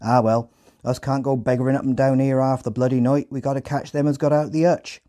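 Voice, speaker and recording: Man doing a Hampshire farmhand voice, broad rustic dialect, gruff, blunt, raised pitch. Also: level tone, brisk, dark tone, natural voice. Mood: gruff musing.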